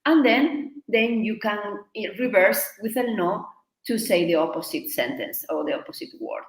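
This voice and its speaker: A woman who is a native Spanish speaker and a Spanish teacher, explaining learning tips in a lively, emphatic way with punchy "boom" accents. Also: moderate pace, roomy sound, low-quality recording.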